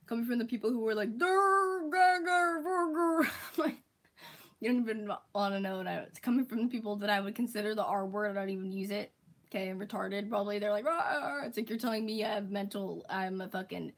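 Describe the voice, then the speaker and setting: A woman's voice: mid-range voice, level tone, fast talker, darkish tone, low-quality recording. Exasperated young woman ranting casually. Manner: exasperated, profane, heavy use of "like", mocking impressions of critics. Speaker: vlogger.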